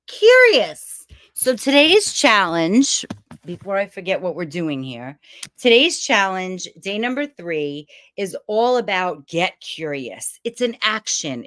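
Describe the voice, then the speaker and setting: A middle-aged woman from Brooklyn, New York, hosts a self-help challenge series from a room at home, talking casually to camera in a mid-range voice. She's chatty and animated, rambling a bit with motivational asides. The audio is studio quality with no room sound.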